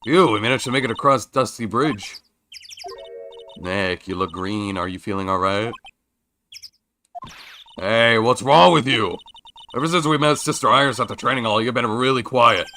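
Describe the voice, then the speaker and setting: A man's voice: mid-range voice, moderate pace, pauses often, sharp tone, slight background noise. A man voicing a cheerful, teasing teenage girl in a video game. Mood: concerned. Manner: bubbly and teasing.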